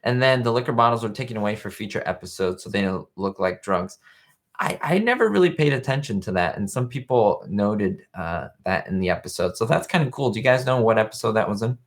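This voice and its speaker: A man's voice: lowish voice, expressive, brisk. A young man hosting a casual live-stream commentary, chatting in a rambling way and reading viewer comments aloud. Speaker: show host. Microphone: webcam live stream.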